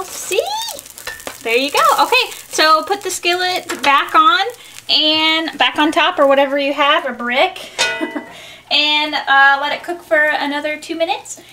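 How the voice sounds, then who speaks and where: A woman's voice: sits high, unhurried, noisy background. A young woman hosting a home cooking video in her kitchen, chatting casually and giggling as she talks viewers through a recipe. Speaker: cooking show host.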